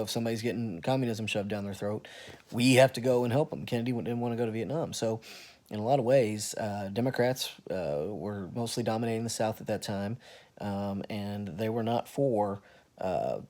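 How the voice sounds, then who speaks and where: A man's voice: on the low side, warm tone. A man teaching history in a casual, rambling way, with frequent ums and self-corrections as he walks students through the material. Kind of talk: recorded lesson walkthrough.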